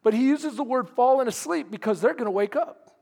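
A man's voice: very high-pitched, a little fast, vocal fry, a little mellow, long reverb tail. A man preaching a sermon as pastor, emphatic and quizzing his congregation. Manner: emphatic, asks the congregation questions.

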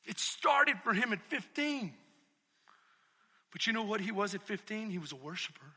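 High, bright preacher with a gravelly edge. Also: male voice, very animated, normal speed, in a large hall. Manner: swings from shouted, emphatic preaching to hushed, intimate reflection. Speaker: pastor. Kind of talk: sermon.

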